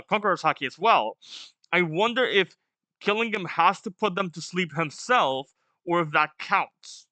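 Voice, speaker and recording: A man hosting a casual manga read-along, reading lines aloud and chatting through quick asides. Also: high voice, pushed and bright, dry recording. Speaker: manga reaction host.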